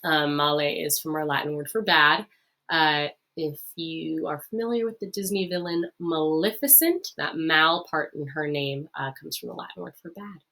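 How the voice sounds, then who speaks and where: A woman teacher explaining a lesson in a friendly, upbeat way, with many fillers, who repeats key phrases slowly. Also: deep voice, sharp tone. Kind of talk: recorded lesson.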